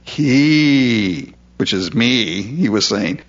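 A man's voice: medium pitch, expressive, unhurried, a bit bright, highs cut off. A man preaching a verse-by-verse sermon in a conversational way, often asking rhetorical questions. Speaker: pastor. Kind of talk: expository sermon.

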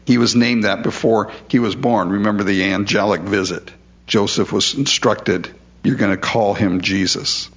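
A man's voice: fairly low pitch, fairly even intonation, normal speed, lo-fi sound. A man preaching a verse-by-verse sermon in a conversational way, often asking rhetorical questions. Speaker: pastor. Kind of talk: expository sermon.

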